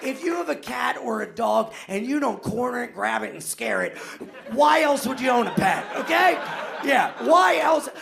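A man doing a loud, manic, self-mocking stand-up set on a club stage in front of a live audience, often laughing at his own jokes. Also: very high-pitched, lively intonation, normal speed, gravelly, a crowd in the background, background noise. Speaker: stand-up comedian.

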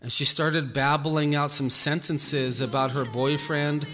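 A man, a Christian minister, telling a personal testimony in an earnest, halting way, repeating words as he goes. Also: a little high, steady tone, pushed and bright. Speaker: Christian minister recounting an experience. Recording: echoey room, faint music behind.

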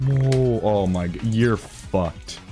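A man giving casual let's-play commentary, excitable and swearing constantly. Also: fairly low pitch, drawn-out words. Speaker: gamer. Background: game music.

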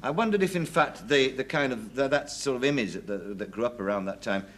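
A man interviewing a guest, asking probing, polite questions with halting restarts. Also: mid-range voice, animated, fairly bright tone.

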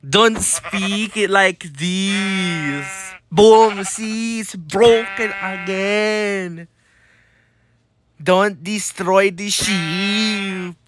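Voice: medium pitch, steady tone, extremely slow, fairly bright tone. A narrator of a comedy video giving repetitive scolding commentary over gameplay, repeating the same warnings over and over.

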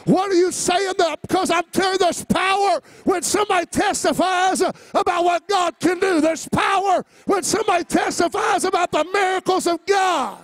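High-voiced preaching pastor. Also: male voice, normal speed, hardly any pauses, no room sound. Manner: swings from quiet storytelling to shouted, rising preaching refrains; laughs easily between lines. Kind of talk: preaching a sermon with a personal story.

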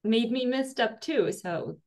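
A woman in a Bible study group, thanking the leader in a slow, grateful way. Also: fairly high pitch, animated. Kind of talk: group discussion.

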